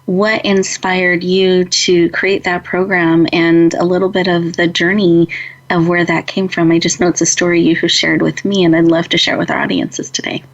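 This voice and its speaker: A woman's voice: lowish voice, little pitch movement, normal speed, gravelly, muffled recording. A woman talk show host who interviews her guest, affirming and appreciative.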